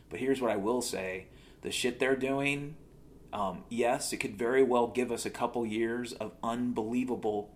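A man delivering a sarcastic, profane monologue rant, telling stories and complaining as a show host. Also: medium pitch.

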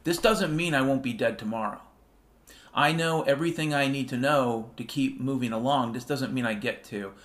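This show host, a man in his fifties, talks at normal speed in a medium-pitched, slightly bright voice. His solo monologue wanders, irreverent and full of profanity, sometimes drifting into half-sung refrains.

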